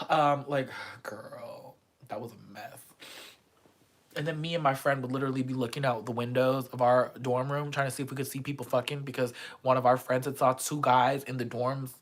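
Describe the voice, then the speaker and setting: A young woman vlogging a casual storytime monologue, animated and dramatic, crude and joking. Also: a bass voice, normal speed.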